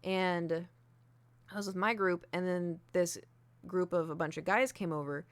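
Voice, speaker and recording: Young woman streamer, lowish smooth voice, candid rambling chat, dry close sound. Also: steady tone, a little slow, no echo. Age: young adult. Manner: candid, self-deprecating, many fillers. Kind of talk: casual chat. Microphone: desk mic with ring light.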